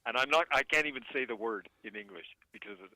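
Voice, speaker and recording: A man calling in to a late-night show, chatting casually and rambling, often chuckling and trailing off softly. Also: medium pitch, fast talker, no echo. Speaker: caller. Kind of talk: casual call-in chat. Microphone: phone. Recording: tinny phone line.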